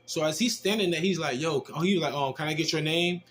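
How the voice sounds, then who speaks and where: A man casually telling a personal testimony, animated and slangy, with rough language as he acts out the exchanges he describes. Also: a little high, fast, slight background noise. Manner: animated, slangy and profane, acting out quoted exchanges. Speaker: storyteller giving a personal testimony.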